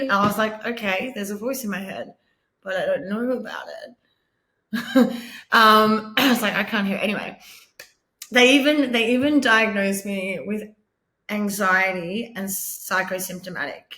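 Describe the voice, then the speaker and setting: A woman's voice: mid-range voice, a bit bright, roomy sound. A woman in her thirties with an Australian accent, candidly telling her own patient story in a conversational way and acting out what others said to her. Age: 30s. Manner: candid, conversational, acts out quoted dialogue, laughs wryly. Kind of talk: personal storytelling interview.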